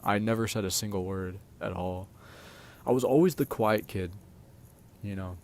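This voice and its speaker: Rambling low-voiced young man telling stories. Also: normal speed. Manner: rambling, heavy filler words, profane. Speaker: vlogger. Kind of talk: casual storytime monologue.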